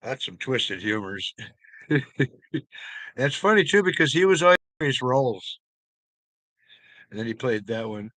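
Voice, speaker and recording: A man's voice: mid-range voice, very animated, slow pace, long pauses, fairly bright tone, dry recording. A man chatting casually with his viewers, telling loose, profane stories and chuckling along as he rambles.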